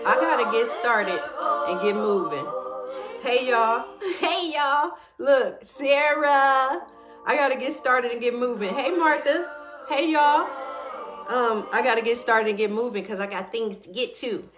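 A lively woman hosting a morning live stream with a fairly high voice. She calls out to viewers by name and pumps them up. She slows into a reflective tone when reading her own notes. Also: echoey room, music in the background. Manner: animated, greets viewers by name, hypes them up. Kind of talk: casual motivational live-stream talk.

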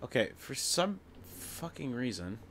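A man's voice: mid-range voice, very animated, unhurried, fairly bright tone, slight background noise. A young man casually commenting on his gameplay, muttering, swearing in frustration, his voice cracking. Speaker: gameplay streamer.

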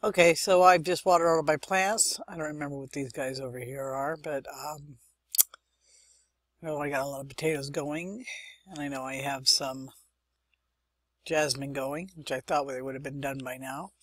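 A woman's voice: low-pitched, fairly even intonation, normal speed, dry recording. Chatty woman thinking aloud over gameplay. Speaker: gaming channel host. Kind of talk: let's-play game commentary.

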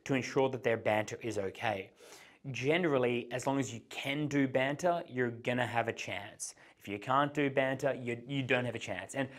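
A man giving an instructional talk as a dating coach, explaining step by step and changing his pace and pitch to act out examples. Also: moderate pace.

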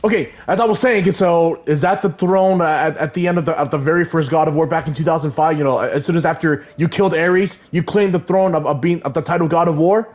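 A man streaming a game live, commenting excitedly and rambling, with some swearing. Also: a little high, a little fast, few pauses.

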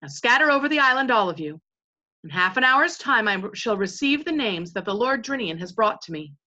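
A woman reading as a commanding young king, stately and sharp, on a dull recording. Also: on the high side, expressive, a little fast. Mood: rousing. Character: young king rallying his crew, commanding.

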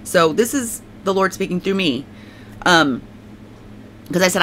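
A woman's voice: fairly low pitch, expressive, measured pace, a bit bright, a little hiss or hum. A woman giving a casual spoken faith testimony, rambling and emphatic, leaning on "like" and repeating herself, and now and then thanking God aloud. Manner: prays aloud.

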